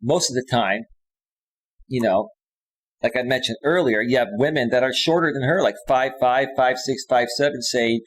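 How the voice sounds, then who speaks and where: A middle-aged man hosts a live stream as a dating coach, his voice sitting in a middle pitch. He tells stories with animation and gets louder and higher when reading messages aloud. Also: normal speed, low-quality recording. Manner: animated storytelling, reads messages aloud in a raised voice.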